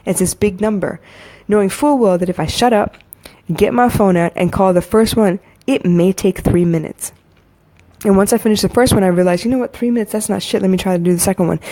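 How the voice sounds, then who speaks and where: A woman's voice: medium pitch, brisk, mellow. A woman podcast host and coach giving a casual motivational monologue, candid and repetitive, building to emphatic urging. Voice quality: soothing. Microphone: phone.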